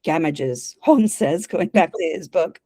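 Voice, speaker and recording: Woman podcast host, animated pitch, dry close sound, reads dialogue aloud in voices. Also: measured pace, dry recording. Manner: reads scenes aloud with lively voiced quotes and laughs. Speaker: podcast co-host retelling an episode. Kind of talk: casual chat, acting out dialogue.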